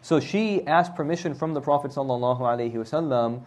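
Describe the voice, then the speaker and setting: A man with a mid-range, slightly mellow voice retells a religious story as a lesson, keeping it casual. He frequently checks in with his audience using a quick "right?"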